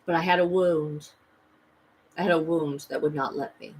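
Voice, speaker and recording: A woman's voice: sits low, steady tone, normal speed, a little mellow, rough recording. A woman vlogging a rambling, emphatic personal story, full of restarts and voices she quotes. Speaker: spiritual vlogger.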